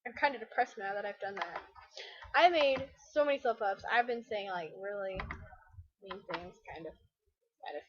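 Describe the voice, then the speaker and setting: A woman's voice: medium pitch, moderate pace, highs cut off. A woman chatting casually over her gameplay, rambling and poking fun at herself. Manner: rambling, chatty, self-deprecating. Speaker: let's play gamer.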